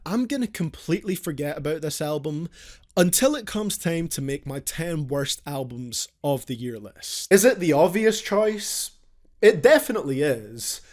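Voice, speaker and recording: A young music reviewer reads a scripted album review, blunt and sarcastic. His slightly high voice swings widely in pitch, giving his delivery a lively, animated bounce.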